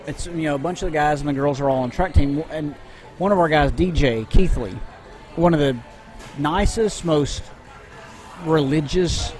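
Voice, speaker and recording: A man in his thirties co-hosting a podcast, telling rambling stories in casual chat. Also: a little high. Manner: rambling storyteller, animated. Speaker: podcast co-host.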